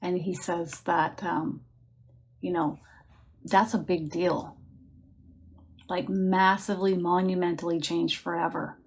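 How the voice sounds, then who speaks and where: A woman with a slightly low voice leads a live psychic reading. She sounds chatty and reassuring, breaks into soft laughs now and then, and calmly coaches listeners to relax and sense the answer in their bodies. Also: slow pace, pauses often, slightly rough. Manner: guides listeners to relax and feel answers in the body. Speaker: psychic medium.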